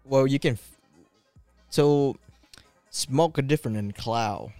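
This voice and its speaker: A man's voice: medium pitch, takes it slowly, no room sound. Guy rambling through a story on a podcast, swears a lot, dry close mic, bit of music underneath. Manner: animated storytelling, swears a lot, non-native phrasing. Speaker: podcast co-host. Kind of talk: casual chat.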